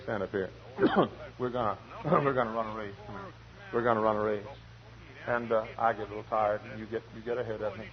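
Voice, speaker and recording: A man in his forties preaching a sermon dramatically, swinging between loud bursts and hushed words. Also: on the low side. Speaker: pastor. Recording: muffled archival radio recording.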